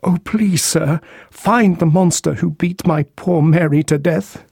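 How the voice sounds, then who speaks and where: A man's voice: a little high, very animated, unhurried, a little mellow, husky, dry recording, studio quality, voice pushed up, full character voice. A man voicing a distraught husband who pleads frantically in an audiobook mystery. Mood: grief-stricken. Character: distraught grieving husband, middle-aged man. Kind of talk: audiobook character voice.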